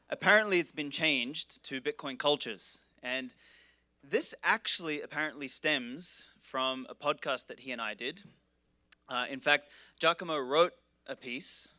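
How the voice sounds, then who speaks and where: A man's voice: mid-range voice, pushed and bright, no echo. A man introducing the next speaker at a conference in a casual, irreverent and profane joking manner. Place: conference stage.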